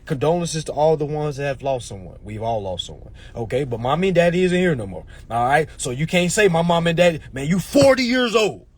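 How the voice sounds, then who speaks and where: A man delivering a casual, preachy rant to his viewers, swearing freely, tagging his points with "all right?" and swinging between murmurs and shouts. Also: a little high, sing-song, a little fast, hardly any pauses. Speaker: social media commentator. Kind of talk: casual ranting monologue.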